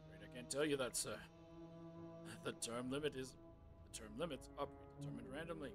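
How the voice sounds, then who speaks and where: A man's voice: medium pitch, moderate pace, natural voice. A man voicing a polite male robot clerk who speaks in a stiffly formal way, reading a game log aloud. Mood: prim, formal. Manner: stiffly formal, repeats "sir" and "ma'am". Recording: game music playing underneath.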